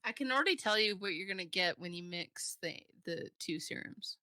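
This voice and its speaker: A woman hosting a casual online talk show, chatty and quick to laugh, often trailing off mid-thought. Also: mid-range voice, lively intonation, bright, forceful tone, no echo, clean studio sound. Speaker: podcast host. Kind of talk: casual chat. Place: lived in the UK.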